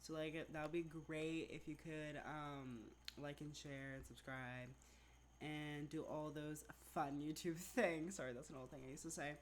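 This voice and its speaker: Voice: mid-range voice, unhurried, slight background noise. Rambling casual storytime vlogger. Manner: rambling, filler-heavy, says "like" constantly; chatty, animated retelling.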